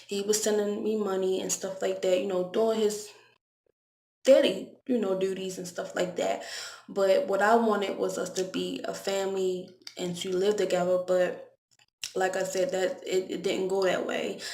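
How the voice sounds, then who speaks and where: A woman's voice: medium pitch, flat delivery, moderate pace, a little mellow. A young woman, telling a candid, conversational storytime vlog and often repeating her words. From Baltimore, US. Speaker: vlogger. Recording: echoey room.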